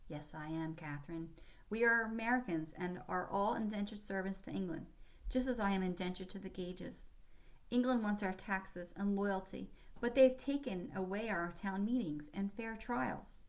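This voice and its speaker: A woman's voice: medium pitch, close to an everyday voice. A woman reading aloud, voicing a spirited young servant girl who speaks earnestly. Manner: earnest, quick-tempered.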